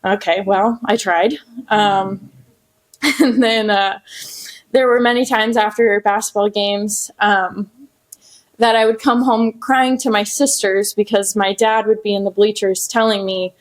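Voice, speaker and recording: A woman's voice: medium pitch, fairly even intonation, measured pace. A young woman speaking at a ceremony in a hotel ballroom, paying tribute to her late father, emotional and laughing through tears between many fillers. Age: young adult. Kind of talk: personal tribute speech.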